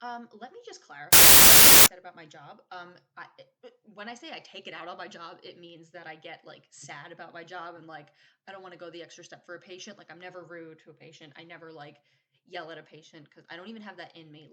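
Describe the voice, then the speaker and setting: A woman's voice: fairly low pitch, brisk. A young woman in her twenties chatting candidly to camera, swearing freely and acting out what people said to her. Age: 20s. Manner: candid, animated, swears freely, acts out quotes. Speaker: vlogger; patient navigator. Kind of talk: casual confessional chat.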